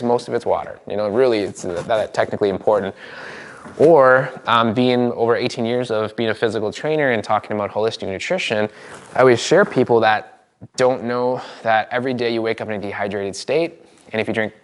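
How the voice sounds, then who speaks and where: Middle-aged male coach running a live workshop, animated and demonstrative. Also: lowish voice. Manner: animated, demonstrating with his body. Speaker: NLP trainer. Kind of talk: live seminar teaching. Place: seminar room with audience.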